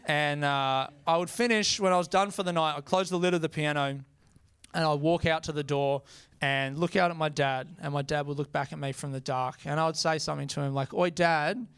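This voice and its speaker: A young Australian man doing a stand-up comedy set, telling a story conversationally with animated impressions and casual swearing. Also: fairly high pitch, a little fast, clean tone, no echo. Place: comedy club stage with audience.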